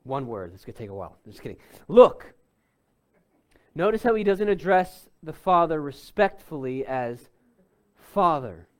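A man preaching an expository sermon, explaining a passage in a deliberate teaching tone with bursts of emphasis. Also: a little high, sing-song. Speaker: pastor.

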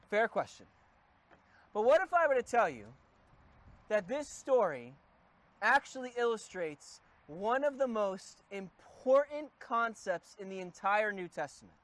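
A man's voice: high-pitched, sing-song, measured pace, fairly bright tone. A man in his thirties, a pastor giving a conversational, encouraging sermon with frequent fillers.

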